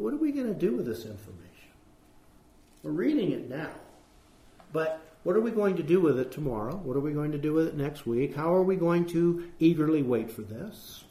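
A man preaching an earnest sermon, slowing down to read scripture and asking rhetorical questions. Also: on the high side, warm tone, reverberant.

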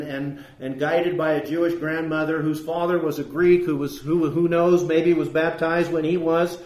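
Male preacher, emphatic sermon delivery, a touch high, echoey space. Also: darkish tone. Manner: earnest, emphatic, rising on key points. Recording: roomy echo.

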